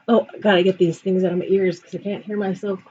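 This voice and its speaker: A woman's voice: medium pitch, flat delivery, fast, mellow, muffled recording, slight background noise. A woman hosting a live card-making tutorial, chatty and rambling, often correcting herself.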